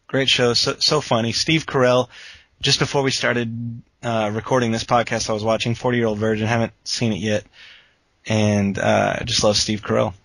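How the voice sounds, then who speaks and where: A man's voice: mid-range voice, vocal fry, a bit bright, dry recording, rough recording. A young man co-hosting a podcast, telling stories in a rambling way with lots of fillers and restarts. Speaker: podcast co-host. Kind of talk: casual podcast chat.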